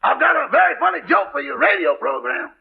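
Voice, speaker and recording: A man playing a wisecracking male valet in a 1940s radio comedy, loud and teasing. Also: extremely high pitch, fast, full character voice. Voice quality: gravelly. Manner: loud joking delivery. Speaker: radio comedy butler character. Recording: dull old radio broadcast.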